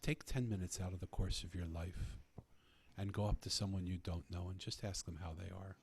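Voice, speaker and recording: A man's voice: low voice, fairly even intonation, normal speed, gravelly, a little mellow, a little hiss or hum. A man earnestly telling a personal story in conversation, often restarting his phrases. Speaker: podcast guest telling a story.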